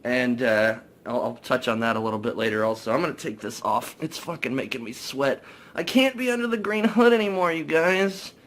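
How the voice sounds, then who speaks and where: A young man casually recapping a movie, swearing a lot, excitable and full of fillers. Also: mid-range voice, brisk. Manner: profane, excitable, many fillers. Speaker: movie reviewer.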